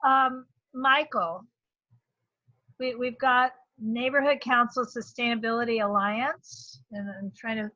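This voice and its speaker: A woman chairing an online meeting, brisk and joking, on a dull video call line. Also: on the high side, steady tone, sharp tone, no room sound.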